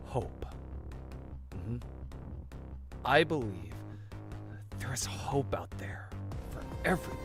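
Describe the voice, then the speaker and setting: Man playing a hopeful cartoon head doctor in his thirties, slow and gentle, pitch swooping widely, loud music score behind. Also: sing-song. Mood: reassuring. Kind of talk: animated series voice acting.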